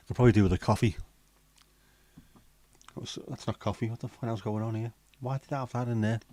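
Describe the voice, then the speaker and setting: A man's voice: medium pitch, fairly even intonation, brisk, dark tone, no echo. A man hosting a casual livestream, chatting, swearing freely and reading viewer comments aloud. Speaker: livestream host.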